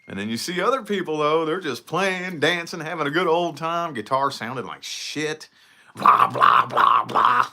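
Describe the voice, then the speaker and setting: A man's voice: fairly high pitch, animated, a little slow, sharp tone, a little hiss or hum. A man talking casually to camera in a solo vlog, rambling and swearing freely as he picks apart his own habits. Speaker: vlogger.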